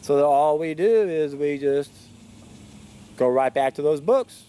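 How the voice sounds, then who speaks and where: High-voiced indignant man. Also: lively intonation, measured pace, dark tone, a little hiss or hum. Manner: indignant, emphatic, repeats key phrases. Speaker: video commentator. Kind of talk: monologue to camera.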